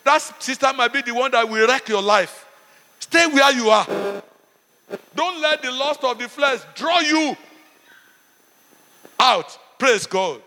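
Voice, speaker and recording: A man's voice: very high-pitched, slow, long pauses, pushed and bright, long reverb tail. A middle-aged man with a Nigerian accent, a pastor preaching a sermon and telling stories, often saying "Praise God.".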